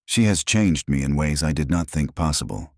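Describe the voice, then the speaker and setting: A man's voice: rumbling low, lively intonation, no echo, studio quality, heavily acted. A man voicing a towering, formal alien warrior. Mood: solemn. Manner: formal, measured speech. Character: huge fearsome alien predator turned gentle father.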